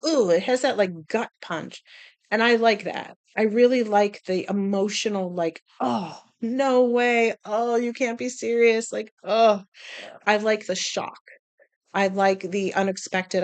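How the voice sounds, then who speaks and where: A woman's voice: medium pitch, dry recording. Chatty woman talking about writing. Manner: animated, chatty, laughs often, acts out quotes. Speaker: writing vlogger. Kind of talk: casual chat.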